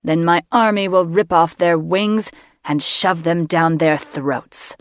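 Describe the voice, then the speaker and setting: A woman's voice: lowish voice, slow pace, no room sound, studio quality. A woman narrator voicing a gloating, villainous male mage who croons over his monster eggs with menace. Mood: menacing. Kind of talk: audiobook character voice.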